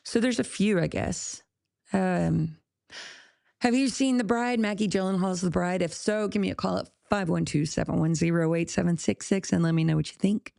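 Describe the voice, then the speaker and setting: Podcast host, woman, low gravelly voice, blunt and profane, dry close sound. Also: moderate pace, warm tone, dry recording. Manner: blunt, profane, laughs at her own jokes. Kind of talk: casual ranting monologue.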